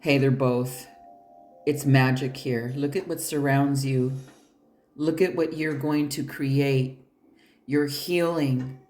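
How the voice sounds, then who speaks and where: Slow and mid-range, this voice has a darkish tone and fairly even intonation as a tarot reader works through a pick-a-pile reading. Swearing freely, the reader talks bluntly and emphatically, cheering the listener on directly, over faint music in an echoey room.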